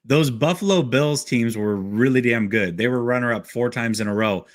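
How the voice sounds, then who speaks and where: Man, casual sports podcast co-host, middle pitch, easygoing. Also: moderate pace. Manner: agreeable, chuckling, builds on points.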